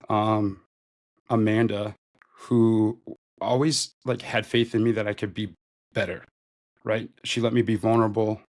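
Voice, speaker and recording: A man in his thirties, a podcast guest, recounting his career in a loose, conversational interview style, with lots of "like". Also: lowish voice. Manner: loose and conversational, heavy use of "like". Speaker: podcast guest, retail store manager. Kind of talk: casual interview storytelling.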